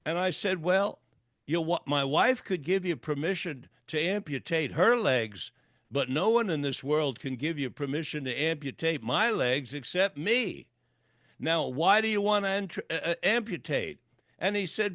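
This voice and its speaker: Older man, guest storyteller, slightly high voice, dry close sound, acts out dialogue. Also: lively intonation, a little slow, a bit bright, dry recording. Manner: vivid storyteller acting out dialogue. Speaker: guest, clinical psychologist and author. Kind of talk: storytelling interview. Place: radio interview.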